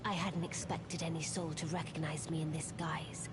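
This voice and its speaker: A hushed, regal witch trapped in a doll's form speaks in a low, half-whispered voice, played by a woman. Her archaic phrasing sounds cold and commanding, like a game character giving orders. A clear rumbling noise sits under the game audio. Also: flat delivery, moderate pace, lightly acted. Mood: stern. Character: cold regal witch in a small doll body, female. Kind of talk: video game voice acting.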